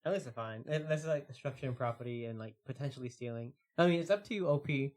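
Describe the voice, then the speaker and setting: A relaxed man co-hosting a casual podcast, reading stories aloud and chatting between them. His pitch sits in an ordinary middle range, and his delivery is loose and filler-heavy. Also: fast. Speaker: podcast co-host.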